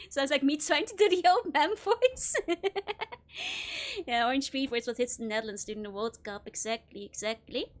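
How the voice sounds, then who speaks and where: A woman's voice: high voice, lively intonation, a little slow. A woman streaming a video game, chatting casually and giggling often as she rambles about trivia. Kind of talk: casual live-stream commentary.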